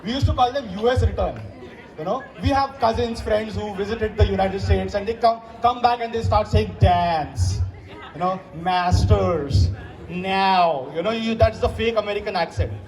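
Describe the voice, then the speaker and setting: A man with an Indian English accent performing animated stand-up comedy at a university event, slipping into put-on voices for his bits. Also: high voice, a little fast, poor audio. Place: university event before a live crowd. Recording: live crowd laughing in the background.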